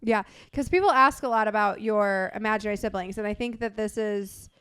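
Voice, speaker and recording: A young woman co-hosting a casual chat, telling stories in an animated way and laughing often. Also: mid-range voice, a little fast, clear, resonant tone, no room sound, clean studio sound. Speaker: podcast co-host.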